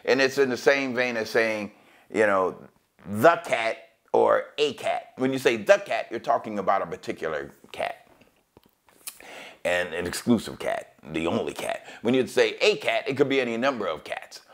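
A man preaching a sermon as pastor, teaching verse by verse and quoting scripture in a raised, drawn-out voice. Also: on the low side, animated, a bit bright. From United States. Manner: emphatic preaching, quotes scripture in a raised, slowed voice.

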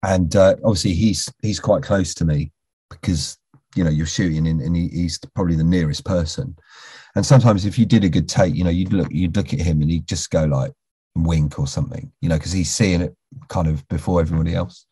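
A middle-aged British actor tells a rambling story from a film set, full of restarts and asides. His voice is low, mellow and a little husky. The recording is close and dry. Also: fairly quick, no echo. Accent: British English. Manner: rambling, with many restarts and "you know"s, drops to a near whisper when quoting. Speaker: actor interviewed as a guest. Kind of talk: casual anecdotal storytelling.

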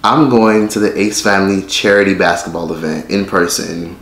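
A man's voice: low voice, moderate pace, crowd noise. A man vlogging casually to his phone camera, joking with viewers and swearing often. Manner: profane, joking, talks to viewers directly. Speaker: YouTuber vlogger. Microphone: phone held by hand. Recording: echoey room, faint noise.

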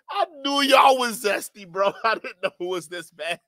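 A man with a high, bright, forceful voice reacts on a live stream, mocking what he watches in casual slang. He laughs through almost every line. The sound is dry and close to the mic. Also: dry recording.

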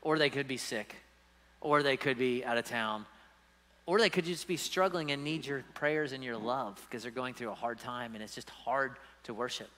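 A man's voice: mid-range voice, moderate pace, fairly bright tone, in a large hall. A man preaching a sermon as pastor, emphatic and conversational, often checking in with the congregation. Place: church sanctuary.

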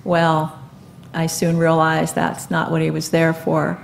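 Older lady talking onstage, lowish voice, stops and restarts a lot, faint noise behind. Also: monotone, creaky. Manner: earnest, halting, many fillers and restarts. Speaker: guest speaker. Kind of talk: live onstage testimony. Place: live event stage before an audience.

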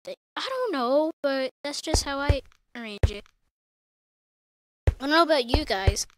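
A woman with a high voice chats loosely through her gameplay, correcting herself as she goes and talking straight to viewers. A steady noisy hiss and clicking sit under her voice on a home computer mic. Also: a little slow. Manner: rambling, self-correcting, talks to viewers. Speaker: gamer. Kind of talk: casual gameplay commentary.

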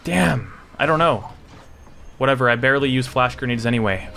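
A young man giving live gameplay commentary, swinging between low mutters and panicked yelps and shouts. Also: animated, brisk, vocal fry, a little hiss or hum. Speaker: gaming YouTuber.

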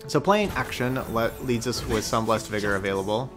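A man's voice: medium pitch, lively intonation, fairly quick, over music. A man streaming a card game, giving casual commentary as he plays, thinking aloud and correcting himself as he goes.

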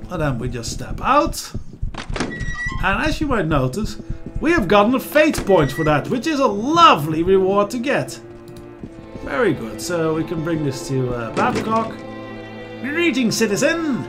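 Animated high-voiced game commentator. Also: male voice, normal speed, music in the background. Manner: rambling, animated, lots of fillers. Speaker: let's play host.

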